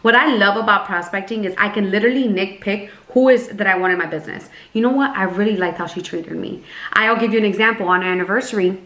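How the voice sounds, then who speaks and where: A woman's voice: mid-range voice, fast, a bit bright. Upbeat chatty woman, roomy echo. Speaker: network marketing team leader. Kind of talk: casual coaching vlog. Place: Miami.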